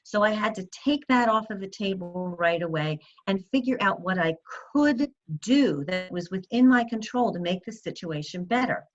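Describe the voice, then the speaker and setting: A woman's voice: medium pitch, animated, moderate pace, hardly any pauses, dull audio. A woman in her sixties giving a motivational talk, telling stories and coaching her audience directly. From United States. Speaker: speaker.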